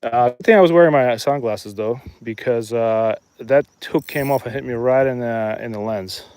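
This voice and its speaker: A man's voice: mid-range voice, moderate pace, darkish tone, clear, resonant tone. A man in his thirties chatting and joking casually to viewers while he live-streams a fishing trip outdoors. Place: outdoors by a lake.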